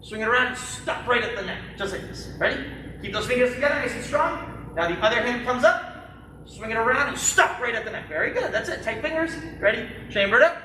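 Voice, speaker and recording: A martial arts instructor teaching a live-streamed kids' class in a studio, calling out sharp commands and joking between drills. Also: mid-range voice, animated, a little fast, recorded from a distance, noisy background. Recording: very echoey studio heard from afar.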